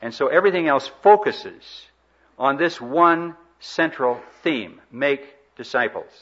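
A man preaching a sermon in an earnest, emphatic way, with dramatic pauses and swells. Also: mid-range voice, expressive, fairly bright tone, dull audio.

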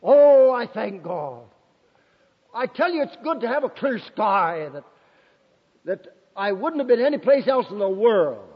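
A high male voice with big pitch swings and a breathy edge moves at a moderate pace as an older Bible school principal preaches a fervent testimony sermon. He shouts hallelujah and amen, exclaims, and laughs often. Sound is dull and old, with hall reverb.

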